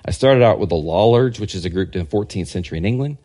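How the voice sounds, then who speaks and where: A man, a historian and scholar, giving a casual podcast interview and telling rambling, animated anecdotes. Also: lowish voice, quick pace. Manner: rambling, animated anecdotes that act out quoted people. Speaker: guest historian and religious scholar.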